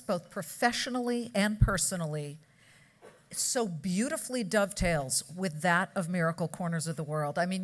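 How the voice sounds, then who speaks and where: Joking woman presenting an award. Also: mid-range voice. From California. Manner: chatty, joking asides to the audience. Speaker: award presenter at a charity gala. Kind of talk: after-dinner award speech. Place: banquet hall. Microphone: podium microphone.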